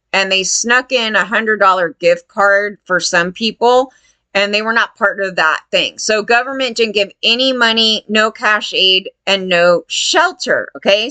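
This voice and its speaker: A woman's voice: medium pitch, pushed and bright, no echo. A woman angrily recounting how she was turned away after the fires, swearing often and acting out what officials told her. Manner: profane, heated, acts out others' lines. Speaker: fire survivor telling her story. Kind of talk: angry personal rant.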